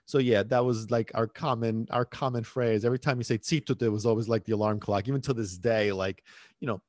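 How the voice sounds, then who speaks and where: A man's voice: fairly low pitch, fairly even intonation, a little fast, a little mellow, no echo, studio quality. A man hosting a dog-training podcast, talking casually and rambling into side tangents, laughing at his own stories.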